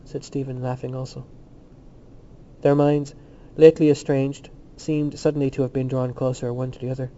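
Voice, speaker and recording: A man narrating a literary novel in a steady, measured reading. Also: medium pitch, highs cut off. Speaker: audiobook narrator.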